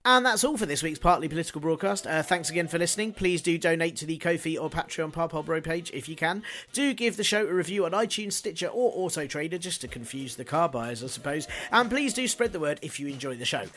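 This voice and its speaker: Sardonic higher-voiced male podcast host. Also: animated, quick pace, fairly bright tone, faint music behind. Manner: sardonic, jokey asides. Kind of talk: scripted solo podcast segment.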